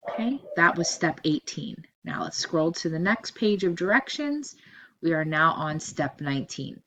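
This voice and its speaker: Woman calmly walking through a spreadsheet tutorial. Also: low-pitched, normal speed. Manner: steady step-by-step instruction, repeating cell ranges. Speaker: teacher. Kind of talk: screen-recorded software tutorial.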